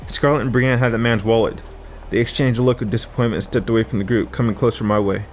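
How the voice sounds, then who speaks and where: A man's voice: mid-range voice, steady tone, quick pace, faint music behind. Male audiobook narrator, dramatic delivery. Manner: vivid, dramatic storytelling. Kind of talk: first-person audiobook narration.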